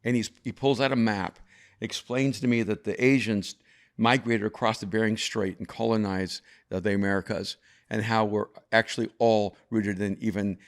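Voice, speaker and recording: Brief: older male guest, low voice, thoughtful storyteller who restarts his sentences. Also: fairly even intonation, moderate pace. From El Salvador. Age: over 50. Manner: reflective, frequent restarts and repeated words. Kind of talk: conversational storytelling.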